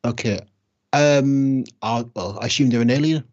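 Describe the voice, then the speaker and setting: A man's voice: mid-range voice, normal speed, darkish tone. Laid-back man on a dull lo-fi mic. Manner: short agreeing replies, thinks aloud. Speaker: podcast co-host. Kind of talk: casual chat. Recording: dull lo-fi sound.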